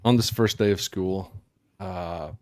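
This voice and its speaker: A man's voice: low voice, takes it slowly, darkish tone. A man running a tabletop game as game master, asking his players easygoing questions.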